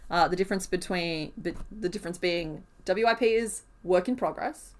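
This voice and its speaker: A woman's voice: fairly low pitch, normal speed. A woman live-streaming as she crochets, chatting casually and rambling with frequent giggles and fillers.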